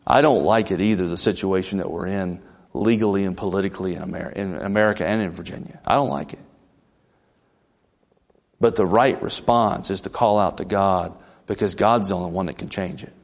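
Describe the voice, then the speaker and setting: A man preaching a folksy, conversational sermon as pastor, with sudden leaps in pitch. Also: brisk.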